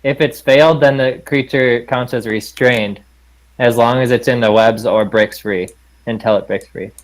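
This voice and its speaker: A man taking his turn in a tabletop game, speaking in a middle-pitched voice. He hesitates and reads rules out loud, correcting himself along the way. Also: fairly even intonation, normal speed, low-quality recording. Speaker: player. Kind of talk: casual tabletop play.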